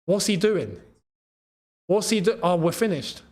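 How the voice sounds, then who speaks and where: A young man hosting a live football watchalong, reacting to the match, shouting at big chances, groaning at misses and thanking viewers in the chat. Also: high-pitched, lively intonation, unhurried. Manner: chatty, reads out and thanks chat members.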